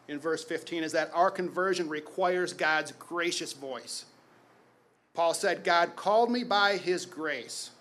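A pastor in his forties preaches to his congregation with a voice that sits a little higher than most men's. He pushes phrases out loudly, then sinks to a low, quiet hush to land a point, with strong emphatic delivery. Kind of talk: sermon.

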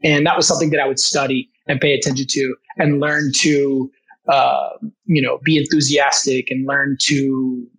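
A man appears as a guest language teacher, telling a story in casual conversation with enthusiasm, restarting often and acting out the voices he quotes. His mid-range voice is fairly bright and slightly rough, with flat delivery at a moderate pace, and the audio is poor.

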